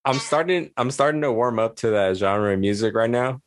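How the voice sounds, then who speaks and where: A man's voice: medium pitch, a little fast, noisy background. A young man co-hosting a podcast, chatting casually in a laid-back, slangy way full of fillers. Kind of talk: casual chat.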